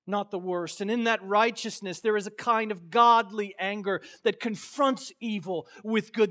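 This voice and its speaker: A male pastor from Florida preaching a sermon with passion, swinging from quiet, low phrases to loud outbursts, then telling a personal story casually with many fillers.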